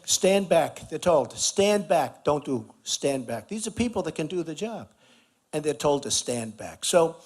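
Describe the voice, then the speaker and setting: A man delivers a campaign rally speech at an outdoor barbecue. His voice sits a little high, and he talks in an emphatic, conversational way, hammering the same points over and over. He speaks into a podium microphone. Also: slightly rough. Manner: repetitive, emphatic, conversational riffing. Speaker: political candidate speaking at a rally.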